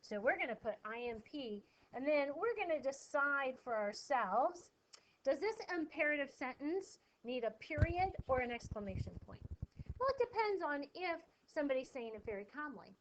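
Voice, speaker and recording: A woman's voice: high voice, sing-song, unhurried, rough recording. A woman teacher explaining a lesson to her pupils, coaxing them with questions and reading the examples aloud with emphasis. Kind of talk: classroom lesson video.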